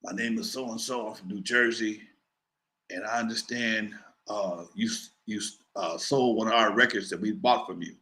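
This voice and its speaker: Man putting on a low, menacing mob enforcer. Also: steady tone, sharp tone. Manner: low, slow, threatening. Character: menacing middle-aged male mob enforcer on phone.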